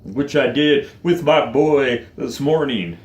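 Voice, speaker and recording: A man in his forties, choked up and close to tears, speaking slowly and haltingly in a heartfelt personal vlog. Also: medium pitch, animated, roomy sound. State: choked up, tearful. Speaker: vlogger.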